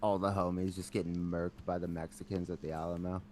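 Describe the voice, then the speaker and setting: A man co-hosting a podcast in casual chat, dropping dry, deadpan quips. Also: low voice, fairly quick, a little hiss or hum. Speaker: podcast co-host.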